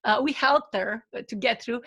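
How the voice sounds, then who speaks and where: A woman's voice: on the high side, normal speed, fairly bright tone. A woman giving an online webinar presentation over a video call, telling a story and speaking hesitantly with many fillers and restarts.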